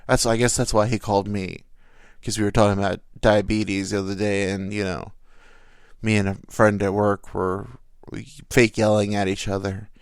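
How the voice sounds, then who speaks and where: A man's voice: fairly low pitch, little pitch movement, normal speed, clear, resonant tone, dry recording. A man hosting a podcast, telling a rambling, self-deprecating comic story on a close mic. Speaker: podcast host. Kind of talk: casual comedic monologue.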